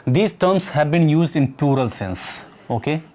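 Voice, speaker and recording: A man's voice: fairly high pitch, lively intonation, a little slow, warm tone. A man teaching an English grammar lesson, explaining step by step and repeating key points as questions to students. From Nepal. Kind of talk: exam-prep grammar lesson.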